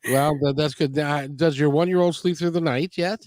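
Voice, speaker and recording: A man's voice: on the high side, fairly even intonation, moderate pace, darkish tone, no room sound, clean studio sound. A man hosting a talk radio show, chatting in a folksy, rambling way with many restarts. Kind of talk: casual interview chat.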